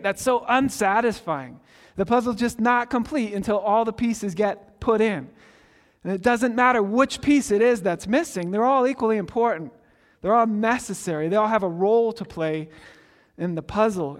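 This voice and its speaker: A high-sitting voice with a long reverb tail belongs to a pastor in his forties. His sermon is chatty and story-based, marked by frequent self-interruptions as he restarts sentences.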